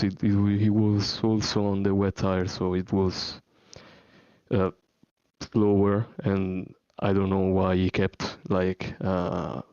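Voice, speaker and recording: Deep slow-talking italian guy. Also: darkish tone, clean tone, no room sound, muffled recording. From Italy. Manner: hesitant, lots of fillers and restarts. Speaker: sim racing driver. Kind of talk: post-race interview.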